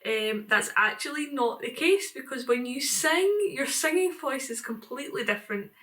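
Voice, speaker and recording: A middle-aged woman talks to camera in a relaxed vlog. Her voice sits a little high, and she muses aloud, stopping and restarting her sentences, with plenty of fillers. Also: normal speed. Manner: rambling, reflective, with many fillers and restarts. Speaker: vlogger. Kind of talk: casual talking-head vlog.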